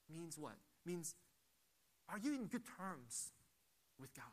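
A man's voice: fairly high pitch, big pitch swings, takes it slowly. A man preaching a sermon, emphatic, asking rhetorical questions and repeating phrases as he builds his points. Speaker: pastor.

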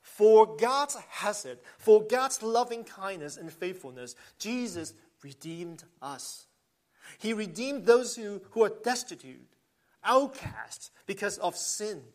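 A man's voice: high-pitched, expressive, takes it slowly. A man preaching a sermon, earnest, swelling with emphasis and often restarting phrases. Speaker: pastor.

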